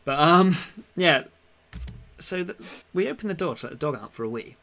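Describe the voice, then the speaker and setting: A young man co-hosting a casual podcast, telling animated stories and acting out the lines he quotes. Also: a little high, normal speed, creaky. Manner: animated storyteller, acts out quotes. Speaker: podcast co-host. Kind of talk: casual chat.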